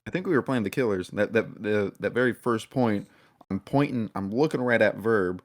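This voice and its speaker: Low-voiced hesitant man in casual chat. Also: animated, normal speed. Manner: hesitant, trails off with fillers.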